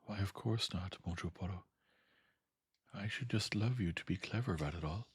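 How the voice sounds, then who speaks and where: A man voicing a vain, distracted young actress woman in a soft, breathy half-whisper. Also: sits low, normal speed, no room sound, studio quality, voice pushed up. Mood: airy.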